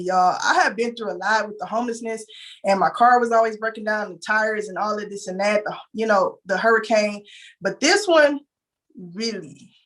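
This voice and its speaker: Brief: young Texan woman, higher voice, candid and emotional storytelling, calls listeners "y'all". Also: fairly bright tone. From Houston, Texas. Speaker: interviewee. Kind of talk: casual storytelling.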